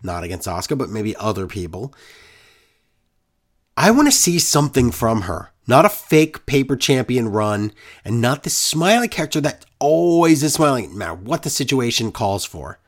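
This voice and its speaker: A man's voice: medium pitch, sing-song, moderate pace. A man co-hosting a casual wrestling recap podcast, ranting in a sarcastic, exasperated way.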